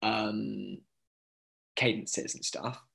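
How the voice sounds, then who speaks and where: A man's voice: lowish voice, steady tone, very slow, gravelly, fairly bright tone. Male chant teacher on a video call, keen and chatty, slipping into short sung phrases. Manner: enthusiastic, breaks into sung chant examples. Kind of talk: online class teaching.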